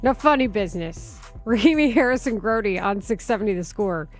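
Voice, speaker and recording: A woman hosting a sports talk radio show, brisk and opinionated, quick to laugh. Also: mid-range voice, lively intonation, faint music behind.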